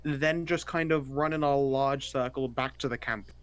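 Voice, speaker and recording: A man's voice: medium pitch, fairly even intonation, normal speed, no echo. A man playing a tabletop game, talking casually and hesitantly with fillers. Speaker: player.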